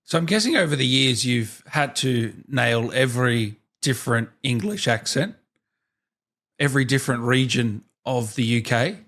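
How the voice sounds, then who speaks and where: A man's voice: mid-range voice, expressive, moderate pace, fairly bright tone. A man with a mid-range voice hosts a casual podcast interview. He asks his questions in a friendly and curious way. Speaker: podcast host.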